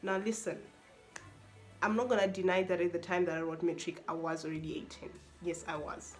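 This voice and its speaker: A young woman, a university student, telling an expressive, exasperated story-time vlog with lots of repetition. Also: on the low side, fairly quick, soft background music. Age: young adult.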